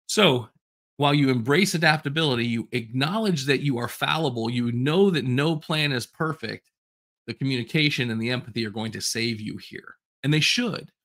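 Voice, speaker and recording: Hosting a podcast by himself, a man with a mid-range, fairly bright voice speaks candidly and casually, making fun of himself and rambling off on asides.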